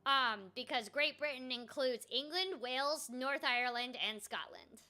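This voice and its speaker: A woman's voice: sits high, unhurried, pushed and bright, faint music behind. A woman voice actor streaming a video game, chatting casually and animatedly with frequent ums and self-mocking asides. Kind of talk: casual gameplay chat.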